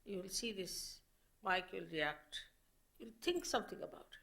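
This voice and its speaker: A woman giving a public spiritual lecture as a teacher, explaining slowly and in measured phrases with pauses. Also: medium pitch, animated, fairly bright tone.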